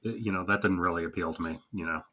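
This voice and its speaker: A man's voice: low voice, fairly even intonation, quick pace, bright, forceful tone. A man co-hosting a comedy podcast, recapping sketches in a laid-back casual chat with wry asides. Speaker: podcast co-host.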